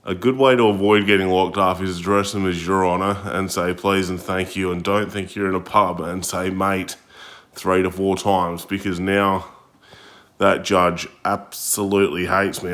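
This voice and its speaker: Aussie bloke vlogging, super low voice, pretty monotone, blunt and chill. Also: male voice, moderate pace. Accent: Australian. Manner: blunt, laid-back, swears casually. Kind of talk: casual storytelling.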